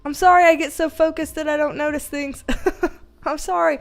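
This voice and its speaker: A woman hosting a casual livestream, reading the chat aloud in a giggly, chatty, easily excited way. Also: high voice, normal speed, vocal fry.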